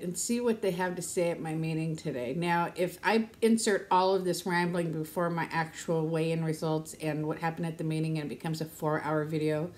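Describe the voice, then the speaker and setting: A woman in her fifties chatting casually to camera in a rambling, talkative way, laughing often. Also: darkish tone. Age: 50s. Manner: rambling, chatty, laughs often, uses high baby-talk to her dog. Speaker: vlogger.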